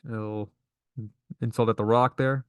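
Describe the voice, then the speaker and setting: A man's voice: medium pitch, steady tone, a little slow, clean tone, dry recording, studio quality. A man giving a casual, enthusiastic recap of a wrestling show, laughing often.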